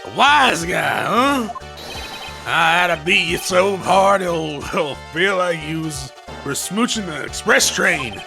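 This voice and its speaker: A brash, hotheaded gangster biker, as a man puts him on while reading a game, barking threats in rough slang. The voice sits high and swings hard, with a gravelly edge. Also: lively intonation, takes it slowly, pushed and bright, soft background music, heavily acted. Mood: menacing. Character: loud tough-talking male gangster biker, hotheaded.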